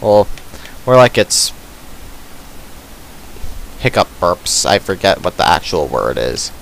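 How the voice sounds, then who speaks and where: Guy narrating his own game run, dry sarcastic mumbling, pitch bouncing all over, faint hiss behind. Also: big pitch swings, slow pace, creaky, fairly bright tone, rough recording. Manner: sarcastic, self-deprecating muttering. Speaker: let's play host. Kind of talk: casual gaming commentary.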